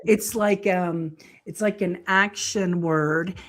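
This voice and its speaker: A woman's voice: lowish voice, steady tone, takes it slowly. A woman hosting a podcast, asking questions in an encouraging, conversational way. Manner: encouraging, conversational, fills in words. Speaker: podcast host. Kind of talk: conversational interview.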